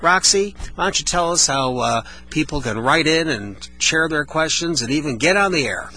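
A man's voice: on the high side, animated, moderate pace, bright, forceful tone, rough recording. A man hosting a storytelling radio show, speaking casually and playfully with a studio microphone. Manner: playful, demonstrates vocal emphasis.

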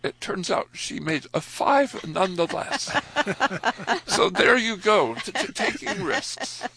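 A man who used to teach history tells school stories with animated delivery, often stammering and repeating words. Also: sits high, slow pace, husky. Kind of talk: storytelling at a live talk.

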